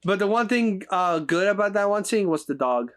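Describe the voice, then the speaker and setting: A man chatting as co-host on a film podcast. He talks in a halting, casual way, restarting sentences and mocking lines he quotes. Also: high-pitched, expressive. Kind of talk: casual film review chat.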